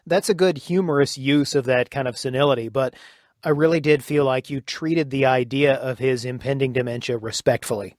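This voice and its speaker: Measured male interviewer, dry sound. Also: medium pitch, a little mellow, dry recording. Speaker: interviewer, audiobook narrator. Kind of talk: conversational interview.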